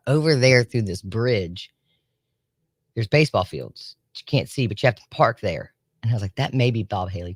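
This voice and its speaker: A woman's voice: very deep voice, no room sound. Lady on morning radio, chatty story, close dry mic. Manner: chatty, animated storyteller who acts out quotes. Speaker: radio show co-host. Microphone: studio mic.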